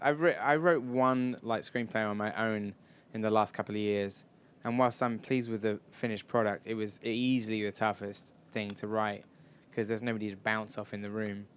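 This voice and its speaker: Chatty man with a smooth voice. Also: lowish voice, normal speed. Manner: chatty, rambling, self-deprecating. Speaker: filmmaker guest. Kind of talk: casual live Q&A answers. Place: live audience event in a shop.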